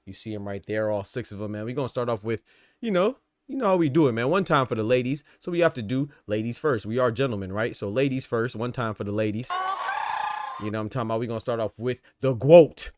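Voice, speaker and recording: A man's voice: medium pitch, fast, a little mellow. A man hosting a boxing podcast in casual chat, laid-back and slangy, with "man" and "you know what I'm saying" in nearly every line. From American South. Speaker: podcast host.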